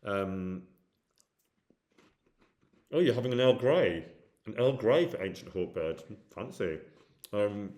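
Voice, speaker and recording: A man's voice: lowish voice, expressive, slow, long pauses, a little mellow. A man from near Birmingham with a Brummie accent, casually chatting with his livestream viewers and reading out their comments in a self-deprecating way. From English Midlands, near Birmingham. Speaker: livestream host. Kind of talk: casual chat with stream viewers.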